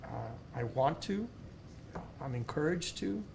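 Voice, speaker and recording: A middle-aged man with a South Texas accent, a podcast guest who tells stories warmly, often restarting and repeating words. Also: on the high side, expressive, unhurried, vocal fry, a little hiss or hum. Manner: warm storytelling with many restarts and repeated words. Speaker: podcast guest, school board member. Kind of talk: casual interview storytelling.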